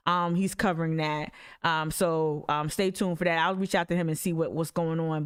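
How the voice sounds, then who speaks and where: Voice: mid-range voice, smooth, no echo, clean studio sound. An activist commentator, reacting to news clips in emphatic casual talk, often restarting sentences. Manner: emphatic, with many restarts and asides.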